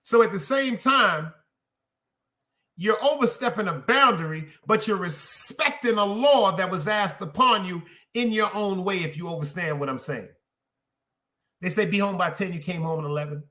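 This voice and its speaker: Loud, bright-voiced preachy podcast man. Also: high-pitched, moderate pace. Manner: loud, profane and preachy, asking his listeners questions. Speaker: podcast host. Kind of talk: casual preaching monologue to a live chat.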